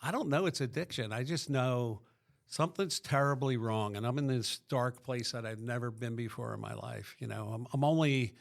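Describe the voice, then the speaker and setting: A man's voice: mid-range voice, normal speed, gravelly. A middle-aged man from Pennsylvania, a podcast guest, tells his recovery story in a rambling way, full of restarts.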